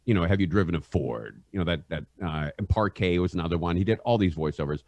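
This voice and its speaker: Low-voiced man spinning halting anecdotes. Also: expressive, a little mellow, dry recording. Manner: rambling, halting, laughs through his stories. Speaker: guest, radio host. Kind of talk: casual anecdote telling.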